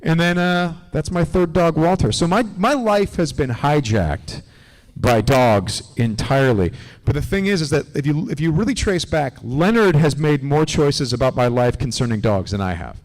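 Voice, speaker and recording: A man as a convention panel guest, telling animated, rambling stories with lots of restarts. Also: on the high side, moderate pace. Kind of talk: casual storytelling on a live panel. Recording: long hall reverb.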